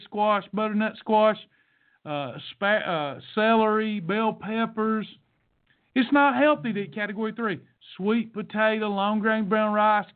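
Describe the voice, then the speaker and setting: A man hosting a podcast, coaching listeners on a diet program in a fervent, repetitive, sermon-like way. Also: high-pitched. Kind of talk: preachy motivational monologue. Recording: tinny phone-like sound.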